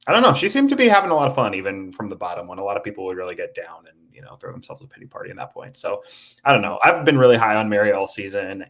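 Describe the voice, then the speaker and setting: A man's voice: low-pitched, a bit bright. A man on a podcast panel, talking in a thoughtful, hesitant way. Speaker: podcast co-host. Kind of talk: casual recap chat.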